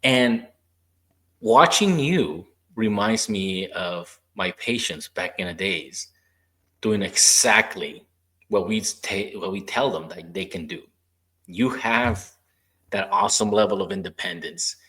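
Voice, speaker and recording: A low-voiced man hosts a relaxed podcast conversation. He tells stories from his therapy work and acts out what people said. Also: a little slow. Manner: storytelling, acting out quoted dialogue. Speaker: podcast host; former rehab therapist. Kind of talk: casual interview chat.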